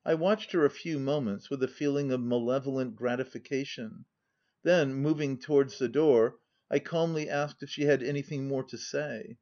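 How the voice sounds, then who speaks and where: A man narrating a classic novel as an audiobook in an even, measured reading style. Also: mid-range voice. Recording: slightly dull lo-fi audio.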